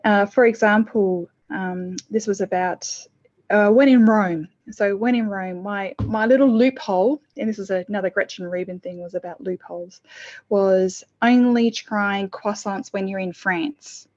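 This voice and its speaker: A middle-aged woman chatting in an interview as a podcast co-host, an expressive storyteller who acts out her past self. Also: mid-range voice, a little slow, lo-fi sound. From lived in the UK. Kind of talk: casual interview chat.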